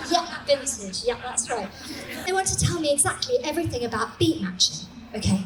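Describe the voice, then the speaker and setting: A woman in her forties tells comic stories live on a small stage, animated and self-mocking. Her voice sits high, and the room echoes with steady noise behind her. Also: fairly quick, distant mic. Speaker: storyteller. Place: small comedy venue, indoors.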